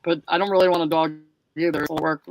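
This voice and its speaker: Chatty man with a higher voice. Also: flat delivery, quick pace, a little hiss or hum, rough recording. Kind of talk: casual chat.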